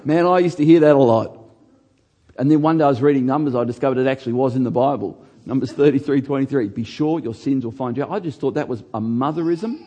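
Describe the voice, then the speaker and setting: A middle-aged man preaching a sermon, earnest, slowing down and dropping his voice on key words. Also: dark tone, highs cut off. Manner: earnest, slows down and drops low on key words. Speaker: pastor.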